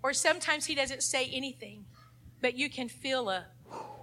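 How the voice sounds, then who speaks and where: A middle-aged woman, teaching an adult Sunday school lesson in a fervent preaching style. She swings between emphatic declarations and hushed passages. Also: high voice, normal speed.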